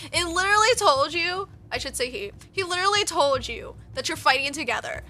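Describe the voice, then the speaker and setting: Excitable high bright-voiced woman gamer. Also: brisk, hardly any pauses, soft background music. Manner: excitable, swearing, gasping and laughing. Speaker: streamer playing a visual novel. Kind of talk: reading a visual novel aloud with reactions.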